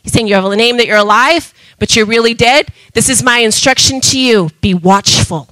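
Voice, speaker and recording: A woman preaching a sermon with passion, going from loud emphatic calls to soft asides. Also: on the high side, fairly quick, clear, resonant tone, no echo, low-quality recording.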